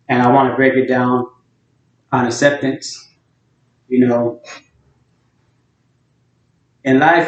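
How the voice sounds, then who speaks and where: A middle-aged man rambles through a plain-spoken monologue with a flat, even delivery. He sounds set back from the mic in an echoey room, and the recording is dull and lo-fi. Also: medium pitch. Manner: rambling, plain-spoken, many fillers and restarts. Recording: roomy, distant, dull lo-fi sound.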